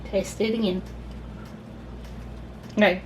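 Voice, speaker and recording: A woman's voice: mid-range voice, fairly even intonation, takes it slowly, a little mellow, a little hiss or hum. A Southern woman hosting a casual home cooking video, chatty and gushing as she talks viewers through the steps. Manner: chatty and gushing, says y'all a lot. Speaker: cooking channel host.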